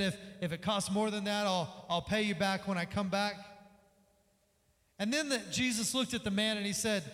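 A man preaching a sermon as pastor, energetic, acting out the voices in the story he tells. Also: high-pitched. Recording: long reverb of a large hall.

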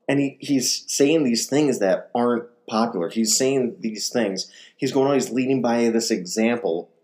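A man giving a conversational sermon, retelling gospel stories in a casual way and acting out the quotes. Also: mid-range voice. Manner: animated, acts out quotes, casual fillers. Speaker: ministry speaker.

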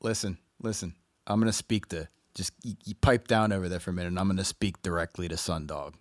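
A man co-hosting a casual podcast, ribbing his friend with mock indignation. His voice sits on the low side. The sound is dry and close, with no room around it. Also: fairly even intonation, fast talker, dry recording. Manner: joking, teasing, mock-indignant. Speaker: podcast co-host. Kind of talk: casual chat. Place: home, recording over video call.

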